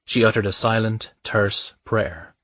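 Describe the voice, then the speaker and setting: A man narrating a romance audiobook in a measured, even storytelling manner. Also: lowish voice, dry recording.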